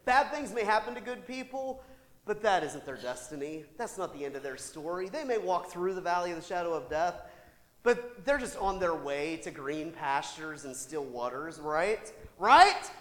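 A male pastor delivers a sermon in a church sanctuary. His pitch swings all over as he preaches, lively and conversational, with quick asides to the congregation. A long, lingering hall reverb trails every phrase. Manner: animated, with rhetorical asides and laughter.

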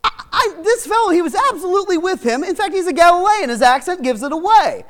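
A man's voice: very high-pitched, animated, quick pace, a bit bright, pitched above the performer's own voice. A man playing an insistent accusing bystander.

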